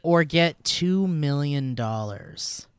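A man's voice: fairly high pitch, animated, slow, smooth, no room sound. A man hosting a podcast over a video call, chatting casually and enthusiastically with some swearing. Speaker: podcast host. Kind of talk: casual chat.

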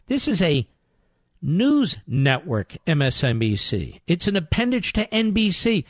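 A man's voice: high voice, very animated, unhurried, no echo, clean studio sound. Indignant male talk radio host. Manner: indignant, combative, rising to loud rhetorical questions.

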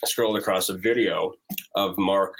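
A man from North Dakota, a band member telling his story in a relaxed way with many fillers. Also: sits low, moderate pace, husky. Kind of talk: casual chat.

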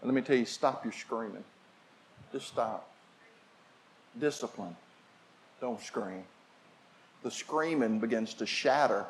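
An older man preaching a sermon, telling family stories and shifting from shouts to quiet asides. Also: medium pitch, slow, long pauses, slight background noise. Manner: storytelling preacher, swings from shouting to hushed. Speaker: pastor.

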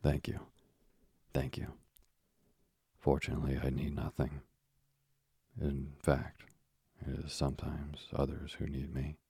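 A man's voice: a bass voice, completely flat delivery, takes it slowly, vocal fry, long pauses, dark tone, breathy edge, no room sound, clean studio sound, heavily acted. A man voicing a sly, ingratiating young male tailor in a storybook reading.

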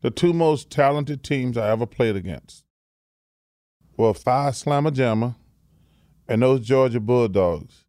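A man, a co-host telling an excited, emphatic story in casual chat. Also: medium pitch, a little slow, long pauses, dry recording, clean studio sound. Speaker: co-host, former basketball player.

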